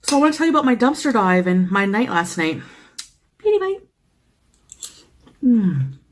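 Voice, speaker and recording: A breathless, slightly wheezy woman rambles through a casual vlog, piling on fillers and asides. Her voice sits at an ordinary middle pitch. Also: lively intonation, quick pace. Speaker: vlogger. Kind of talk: casual show-and-tell vlog.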